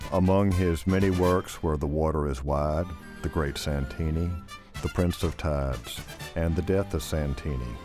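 A male radio host reads a formal, scripted introduction in a measured way. His voice sits very low. A clear music bed plays underneath.

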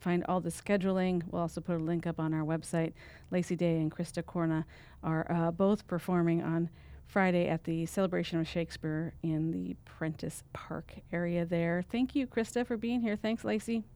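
A woman's voice: on the low side, fairly even intonation, normal speed, warm tone, clear, resonant tone. A woman hosting a public radio interview in a conversational way. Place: radio studio.

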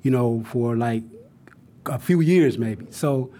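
A middle-aged man with a mid-range voice talks in a calm, measured way. He shares a reflective personal account at a round table. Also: medium pitch.

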